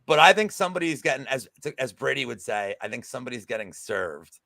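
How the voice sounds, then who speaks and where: Gravelly, bright-voiced man, animated and profane. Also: mid-range voice, a little fast. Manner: animated, profane, jokey storyteller. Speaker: co-host of a betting podcast. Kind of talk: casual chat.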